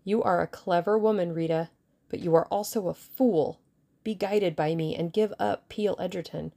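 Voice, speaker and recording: A woman voicing an excitable, bitter male conspirator who snarls and frets. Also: fairly low pitch, normal speed, gravelly. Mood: agitated. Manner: agitated, snarling, pleading.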